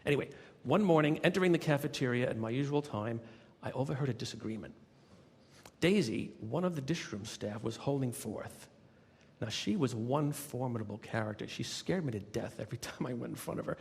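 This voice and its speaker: Gravelly-voiced man telling a story. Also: medium pitch, fairly quick. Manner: animated anecdotal storytelling. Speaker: motivational speaker and author. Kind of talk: storytelling narration. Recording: reverberant recording.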